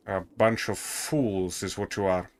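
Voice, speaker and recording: A man's voice: low-pitched, steady tone, a little slow, faint music behind. A man putting on a very well-spoken British accent as a haughty soldier who talks down with clipped disdain. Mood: contemptuous. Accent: put-on posh British.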